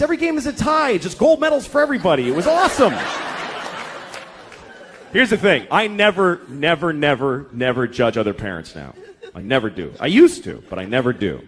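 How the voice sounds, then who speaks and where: A man's voice: on the high side, a little hiss or hum. A man doing a profane, exasperated stand-up rant on a live comedy stage. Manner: profane, exasperated, animated ranting. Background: faint audience laughter.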